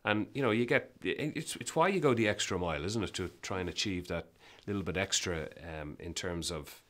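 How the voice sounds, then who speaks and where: Speaking a little fast in a very low voice, a business guest tells stories in a relaxed interview. He's emphatic and animated, often breaking off mid-sentence to start over.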